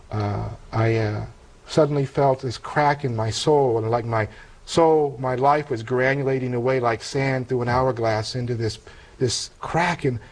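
An older man giving a personal testimony in conversation, earnest and reflective, with halting restarts. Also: medium pitch, darkish tone, rough recording. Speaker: interview guest telling a conversion story.

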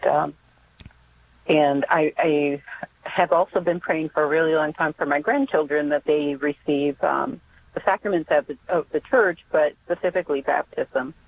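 An older woman calling in to a radio show, speaking hesitantly with many pauses and fillers. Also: low-pitched, creaky. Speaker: caller. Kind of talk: call-in radio prayer request. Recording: tinny phone line.

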